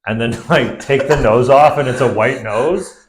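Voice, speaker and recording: A man's voice: mid-range voice, moderate pace. A man from Canada, a comedian guest, riffing absurd jokes in casual chat. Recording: echoey room.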